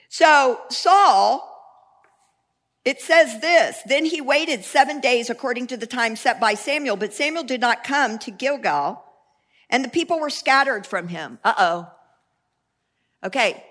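Bright-voiced woman preaching, animated. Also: fairly high pitch. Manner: conversational, animated storytelling with asides and restarts. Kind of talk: sermon.

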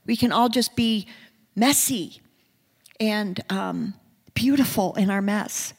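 An earnest woman preacher delivers a sermon in a mid-range voice, her words trailing off into a long reverb. She moves from hushed, tender passages to rising, emphatic calls. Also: medium pitch, slow pace, breathy edge.

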